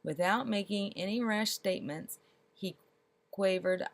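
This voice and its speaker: A woman reading a children's storybook aloud, expressive and slowing down for comic details. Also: fairly low pitch, no room sound.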